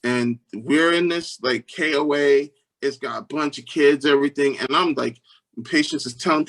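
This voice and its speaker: This man, interviewed as a guest, speaks at a moderate pace and relates his stories with sincerity. His sentences frequently start over, and he shifts into high, animated voices whenever he quotes someone.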